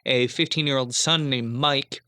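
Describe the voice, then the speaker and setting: Male podcast co-host, bright forceful tone, dry close mic, laid-back plot recap. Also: medium pitch, steady tone, measured pace, clean tone, dry recording. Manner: laid-back, summarizing plot with fillers and chuckles. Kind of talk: casual movie recap chat.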